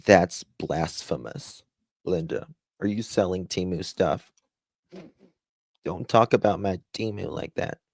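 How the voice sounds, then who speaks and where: A man's voice: low-pitched, measured pace, creaky, pauses often, no echo, studio quality. A man with a Southern accent hosting a casual live stream, rambling as he reads the chat aloud and thanks viewers. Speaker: livestream host.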